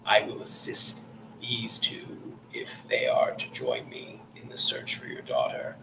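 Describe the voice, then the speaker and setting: A man voicing an ancient clockwork construct, speaking in a hushed, slow, near-whispered way. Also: background noise, lightly acted. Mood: solemn. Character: ancient clockwork construct, male-voiced, still and measured.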